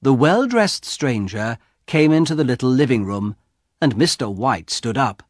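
Slow, expressive audiobook narrator, a man. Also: medium pitch, no room sound, clean studio sound. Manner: slow, clearly articulated, expressive. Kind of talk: scripted narration of a graded reader.

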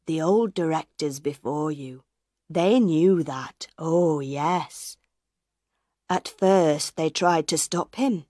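Secretive older woman, voiced by a woman, hushed, slow, dry close sound. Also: low voice, no echo. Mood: ominous. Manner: hushed, drops to a whisper.

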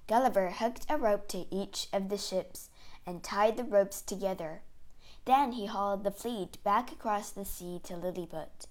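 A woman reading a children's storybook aloud, clear and expressive. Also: medium pitch, a little slow.

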